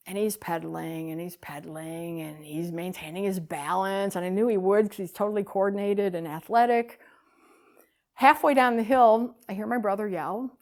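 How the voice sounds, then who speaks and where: A woman giving a talk, telling a story with animated swings between loud bursts and hushed lines. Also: medium pitch. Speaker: speaker.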